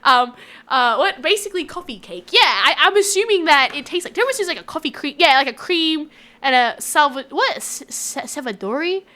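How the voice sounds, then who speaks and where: Bright, lively Australian woman streamer. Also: high voice, fairly quick. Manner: chatty, rambling, reacting to chat with frequent laughs. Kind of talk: casual live-stream chat with viewers.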